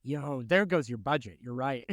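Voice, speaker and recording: A man co-hosting a casual podcast chat, animated and quick to laugh. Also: dry recording, clean studio sound. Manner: animated, laughing, swings in pitch. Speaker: podcast co-host.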